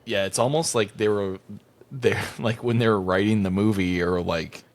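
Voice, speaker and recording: A man with a very low, gravelly voice co-hosts a film podcast. He rambles along casually, leaning hard on "like" as he hunts for words, and he grew up in Chicago. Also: moderate pace. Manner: rambling, lots of "like" fillers. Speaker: podcast co-host. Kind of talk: casual film review chat.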